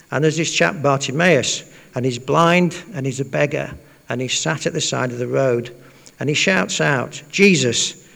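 Man, informal sermon, conversational, raised pitch, long church echo. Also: gravelly, fairly bright tone. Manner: conversational, with many fillers and emphatic repeats. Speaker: preacher. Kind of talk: informal sermon with a Bible reading.

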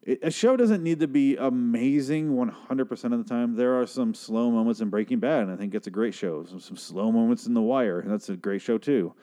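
A man's voice: mid-range voice, fairly quick, few pauses, warm tone. A man hosting a casual solo podcast, rambling and profane with sarcastic asides, tired and struggling for words. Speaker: podcast host.

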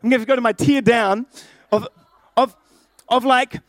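A frantic father, all pleading and haste, as a preacher puts him on. The voice sits high and quick, close and dry. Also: steady tone, no room sound. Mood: anxious pleading. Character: anxious aging father pushing his sons forward.

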